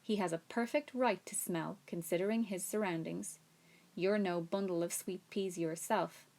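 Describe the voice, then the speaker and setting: A woman reading a storybook aloud, voicing a wise, motherly female spider in a calm, reassuring and slightly brisk way. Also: on the low side, lightly acted. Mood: sharp.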